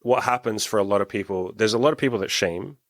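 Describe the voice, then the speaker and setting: Animated, swearing coaching host. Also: male voice, on the low side, fast talker, dry recording, studio quality. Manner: animated storyteller, acts out quotes, swears casually. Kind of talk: casual podcast interview.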